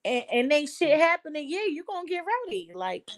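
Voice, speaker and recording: A woman chats casually, emphatic and agreeing. Her pitch is a little high. A faint hiss sits under her voice. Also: big pitch swings, brisk. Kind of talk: casual chat.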